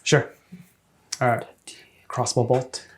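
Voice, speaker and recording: A man as dungeon master running a tabletop game, relaxed and hesitant, with many fillers and frequent laughs. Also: medium pitch, takes it slowly.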